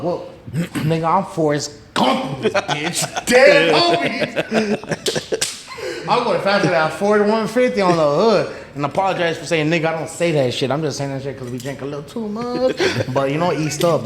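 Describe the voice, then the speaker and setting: This man's voice sits a little high and sounds animated and brisk, with crowd noise present. He's a podcast guest retelling a story in a loose, slangy, profane way, quoting dialogue and performing each character's voice. It was recorded in an echoey room with a faint hum of noise.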